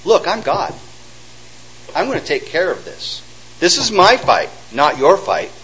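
A preacher lowers his voice to play God, calm and firm, speaking hushed and steady as he reassures his people. The delivery drops quieter and deeper than the surrounding preaching. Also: unhurried, a little hiss or hum, exaggerated voice, low-quality recording. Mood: reassuring.

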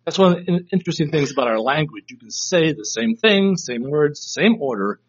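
A man's voice: fairly high pitch, very animated, fairly quick. A man teaching a Bible study class, reflective and reading verses aloud to try out different inflections, in a dull lo-fi recording. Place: room with a live class.

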